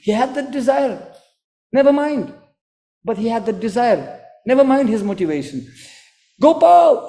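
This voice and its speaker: Russian-accented preacher telling a story. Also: male voice, high-pitched. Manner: broken English, animated storytelling. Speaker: monk preacher. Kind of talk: storytelling sermon.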